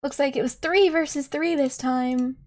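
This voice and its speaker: A woman's voice: high voice, steady tone, normal speed, a little mellow. A woman live-streaming a video game, giggling often and chatting to her viewers as she plays. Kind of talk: live gameplay commentary.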